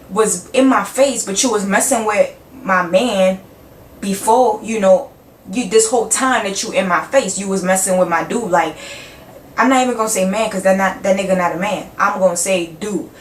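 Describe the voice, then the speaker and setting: A young woman vlogger tells a story in a casual storytime video, speaking at normal speed in a mid-range voice. She's animated, curses often, and acts out both sides of every conversation. The sound is roomy, picked up by a distant mic, with a faint hum behind it.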